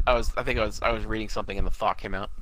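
Male podcast co-host, bright voice, rambling casual recap. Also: on the low side, fairly even intonation, very fast, poor audio. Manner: rambling, loose recap with fillers and swearing. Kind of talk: casual chat.

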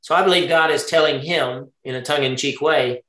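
A man's voice: on the high side, moderate pace, sharp tone, roomy sound. A man leading an interactive Torah study lesson. He thinks aloud, often asks his group questions and checks they are following along. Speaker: Bible study teacher.

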